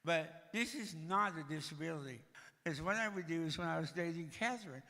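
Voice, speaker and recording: Speaking as a guest in a church sanctuary, this Tennessean in his sixties gives a funny personal testimony at a brisk clip, poking fun at himself throughout. His slightly high voice is gravelly yet bright and forceful, with every heavy breath audible. Long reverb from the hall lingers after each phrase.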